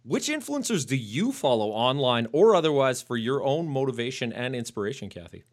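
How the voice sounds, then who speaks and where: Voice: medium pitch, big pitch swings, a little fast. A podcast host asking questions in a friendly, upbeat way. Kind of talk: casual interview talk.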